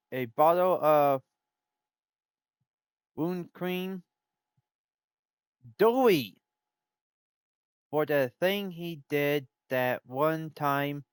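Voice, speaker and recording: Brief: male streamer, slow musing delivery, slightly high voice, rambling live game commentary, dry close sound. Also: smooth, no room sound. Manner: rambling, thinking aloud with restarts.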